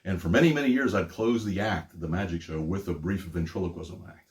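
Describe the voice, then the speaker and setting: A man's voice: sits low, brisk, darkish tone. An older man from Pittsburgh, a magician and ventriloquist, hosting a casual teaching demonstration in an upbeat, chatty way with frequent laughs. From Pittsburgh, USA.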